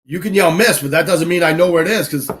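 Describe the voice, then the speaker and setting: A fairly high-voiced man chats casually. He tells his story with animated energy and slips into shouted calls and other people's voices as he goes. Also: quick pace. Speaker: podcast host.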